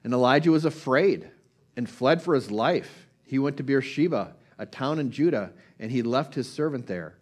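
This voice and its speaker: A man's voice: medium pitch, lively intonation, moderate pace. A man giving an informal sermon, retelling a Bible story in a conversational way, with plenty of fillers and restarts. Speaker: preacher. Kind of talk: casual sermon.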